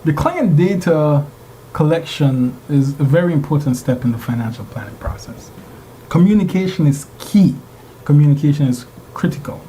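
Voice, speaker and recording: A male instructor delivers a classroom lecture in a mellow, warm voice, turning often to his students with rhetorical questions. His speech is plain and direct, with a faint hiss of background noise behind it. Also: on the high side, expressive, moderate pace, rough recording.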